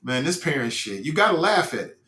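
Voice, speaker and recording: A middle-aged man hosts a casual livestream podcast, talking in a loose, rambling way full of slang and restarts. His voice sounds bright and edged, set in an echoing room. He is from Cincinnati. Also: on the high side, big pitch swings, brisk. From Cincinnati, United States. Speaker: podcast host reading live chat.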